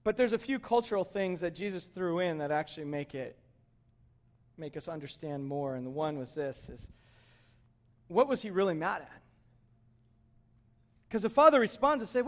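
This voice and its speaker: Delivering a sermon at a moderate pace with long pauses, this pastor speaks in a high-pitched voice. He brings quoted characters to life and jokes around with the congregation in an animated way.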